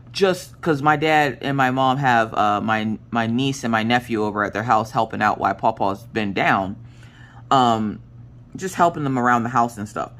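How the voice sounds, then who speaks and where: A woman, a craft vlogger chatting casually and telling a dramatic story as she works. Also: a bass voice.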